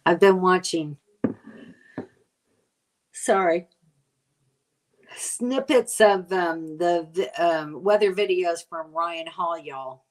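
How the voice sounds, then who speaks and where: Older woman, low-pitched, casual live-stream host; rambling, filler-heavy, a bit tired. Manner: rambling, chatty, many fillers. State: tired from lack of sleep. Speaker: vlogger answering live chat.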